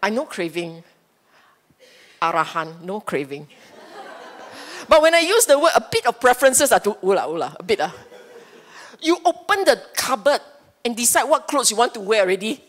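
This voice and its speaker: A woman's voice: on the high side, big pitch swings, fairly quick. A woman with a Singaporean English accent giving a playful, teasing Dhamma talk as a Buddhist teacher, often checking in with her listeners. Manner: playful, teasing, asks the audience for agreement. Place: temple hall.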